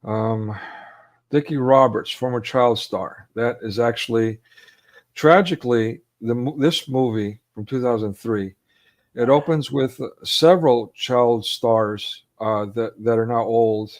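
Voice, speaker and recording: Here a man in his forties, speaking in a mid-range voice a little slowly, co-hosts an informal online discussion via video call. Earnest and increasingly emotional, he keeps breaking off and restarting what he's saying.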